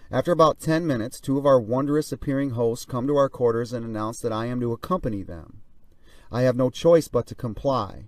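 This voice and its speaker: A man's voice: mid-range voice, darkish tone, no echo. Man narrating a flight log, mic at a distance. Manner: measured first-person log reading. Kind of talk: reading a flight diary aloud.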